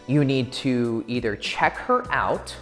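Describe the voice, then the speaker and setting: A man's voice: medium pitch, animated, fairly bright tone. A man with a mid-range voice gives crude dating advice, cocksure and blunt, swearing freely and acting out his lines. The room rings with a long echo, and faint music plays underneath. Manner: brash, crude and swaggering, acts out quick pick-up lines. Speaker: dating coach. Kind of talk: profane, direct dating advice.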